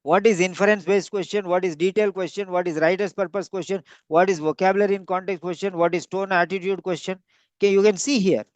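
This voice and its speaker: A man's voice: high voice, fairly even intonation, fast, no echo. A man giving a classroom lecture, repeating and stretching key words for emphasis. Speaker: English teacher.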